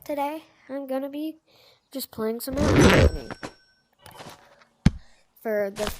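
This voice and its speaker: High, lively young girl gaming. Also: fairly quick, vocal fry, very noisy. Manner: chatty, rambling, soothes her crying dog between game remarks. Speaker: gaming video creator. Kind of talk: casual gameplay commentary. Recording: game music playing behind.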